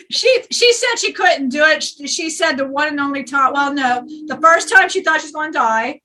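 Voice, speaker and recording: A boisterous male spirit with a bar-room swagger rambles and jokes, as a woman channels him. The voice sits high and bright and is heard a little off the mic. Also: expressive, moderate pace, far from the mic. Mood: rowdy joking. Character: rowdy joking male spirit, a bar-loving flirt.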